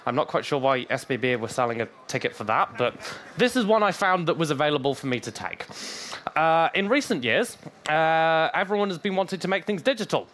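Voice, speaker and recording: A hoarse man from Wales, giving a technical conference talk with dry humorous asides. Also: a little high, big pitch swings, normal speed, a bit bright. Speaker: conference speaker.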